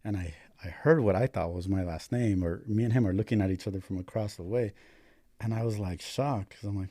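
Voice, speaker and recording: A man's voice: lowish voice, a little fast, no room sound, clean studio sound. A man in his thirties, a paramedic and Marine veteran, telling stories in casual, profane chat. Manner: profane, laid-back storytelling that grows loud and laughing.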